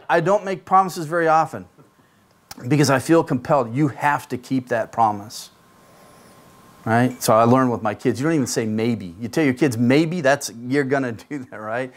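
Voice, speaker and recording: A middle-aged man, a pastor, giving a conversational sermon and often asking his listeners rhetorical questions. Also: medium pitch.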